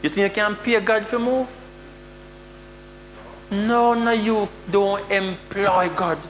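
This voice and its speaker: A man with a Jamaican accent preaching a sermon, with sudden loud outbursts and mock prayers. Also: high voice, steady tone, takes it slowly. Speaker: prophet preaching. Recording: echoey hall with faint hum.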